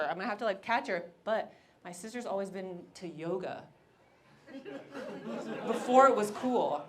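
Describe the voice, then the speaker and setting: A woman in her thirties performing a stand-up comedy set, telling a story with lively acted-out voices. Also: on the high side. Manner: animated storytelling, acts out characters.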